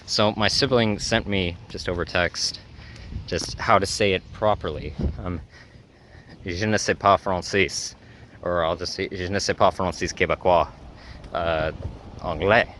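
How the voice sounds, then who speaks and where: Male vlogger, lowish voice, chatty and rambling, light outdoor noise. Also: fairly even intonation, a little slow, fairly bright tone. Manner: rambling, self-correcting, many fillers. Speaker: travel vlogger. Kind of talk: casual rambling vlog talk.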